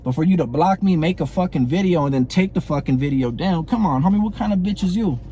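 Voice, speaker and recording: A middle-aged man with a fairly high, expressive voice speaks quickly, his tone mellow but a bit rough. A former prison inmate, he calls out a comedian in a heated, blunt, profane monologue to camera, repeating phrases for emphasis and asking "you know what I'm saying".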